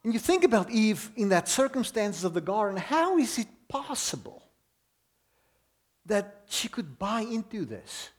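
A man preaching a sermon in an earnest, emphatic way, leaning hard on slow, stressed words. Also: sits high, animated.

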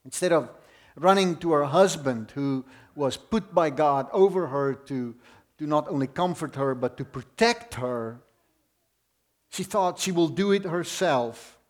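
Slow, emphatic male preacher. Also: fairly high pitch. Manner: earnest, emphatic, with slow stressed words and repetitions. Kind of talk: sermon.

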